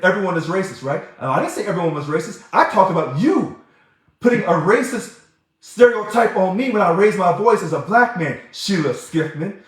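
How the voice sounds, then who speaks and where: A man's voice: high-pitched, fairly bright tone. A man hosting a livestream and answering viewer comments in an emphatic, heated way. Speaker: livestream host. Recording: very echoey room.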